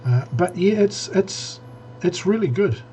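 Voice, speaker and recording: Rambling New man, mellow voice. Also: high-pitched, animated, unhurried, slight background noise. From New Zealand. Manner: rambling, many restarts and fillers. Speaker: podcast co-host. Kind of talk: casual tech chat.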